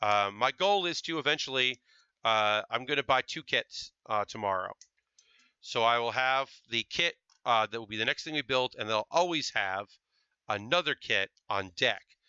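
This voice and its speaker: A man's voice: medium pitch, moderate pace, bright, forceful tone, smooth, no echo, muffled recording. A man chatting casually to his live-stream viewers while building a model kit, thinking aloud with fillers. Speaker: livestreamer building model kits.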